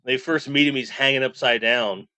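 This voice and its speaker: A man's voice: mid-range voice, steady tone, moderate pace, pushed and bright, clean tone, dry recording. A man in his forties chatting casually on a live stream, reading chat messages aloud and rambling. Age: 40s.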